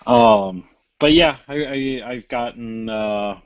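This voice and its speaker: A man chatting on a podcast in a halting way, full of "uh"s and restarts. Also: medium pitch, clean tone, no room sound. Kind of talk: casual chat. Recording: dry, dull lo-fi audio.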